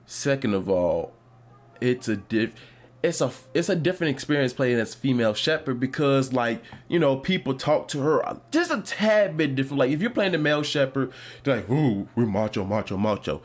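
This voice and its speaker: A man talks loosely on his own podcast, wandering off topic and circling back with plenty of fillers and restarts. His voice sits at an ordinary middle pitch, relaxed and conversational. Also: normal speed. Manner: rambling, animated, many fillers and restarts. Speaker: podcast host. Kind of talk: casual gaming chat.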